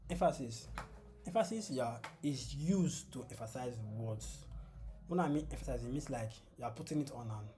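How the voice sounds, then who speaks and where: A man's voice: mid-range voice, mellow. Guy teaching code on screen share, asks "what?" then answers it, music playing under him. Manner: asks the class fill-in questions and answers them himself; repetitive, patient teacher tone. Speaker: coding tutor. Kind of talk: screen-share coding lesson. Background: background music.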